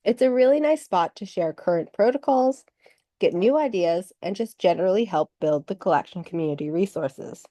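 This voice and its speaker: A woman presenting slides in a webinar, explaining in a measured way, with a slight cough that makes her clear her throat. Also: medium pitch, dark tone, no echo, dull audio.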